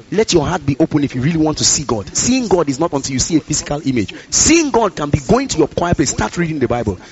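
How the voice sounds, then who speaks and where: Male pastor, fairly high voice, rapid emphatic sermon delivery; repeats phrases, calls to the church. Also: muffled recording. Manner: emphatic preaching, repeating phrases, calling out to the congregation. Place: church service.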